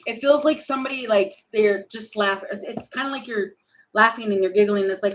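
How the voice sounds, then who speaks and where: A woman doing a casual tarot reading, thinking aloud and animated, with many fillers and restarts. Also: mid-range voice, normal speed, a little hiss or hum, rough recording. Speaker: tarot reader.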